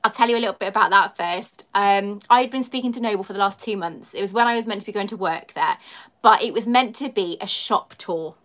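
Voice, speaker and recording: A woman's voice: mid-range voice, fairly quick, fairly bright tone. A woman chatting effusively with viewers on a live stream, greeting them by name as a YouTuber and collector.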